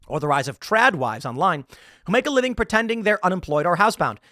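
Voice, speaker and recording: A commentary show host in his thirties rants sarcastically through a political monologue, reading an article aloud and scoffing at it. His fairly high voice jumps around in pitch, very animated, quick and sharp-toned. The recording is dry and close, with no room echo.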